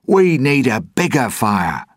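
A man voicing a pirate captain loudly barking short orders. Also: medium pitch, very animated, slow pace, no room sound, clean studio sound, pitched above the performer's own voice. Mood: commanding. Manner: loud, commanding.

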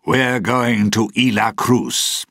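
A man voicing a cruel, commanding ship captain who speaks in slow, menacing tones. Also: lowish voice, a bit bright, no echo, clean studio sound, pitched above the performer's own voice.

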